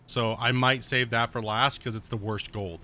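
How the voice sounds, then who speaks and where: A man's voice: fairly even intonation, normal speed, bright, forceful tone, a little hiss or hum. A man streaming a video game at home, thinking aloud and correcting himself as he plans his next moves. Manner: baby-talks to his cat in a high voice. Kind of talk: casual game commentary.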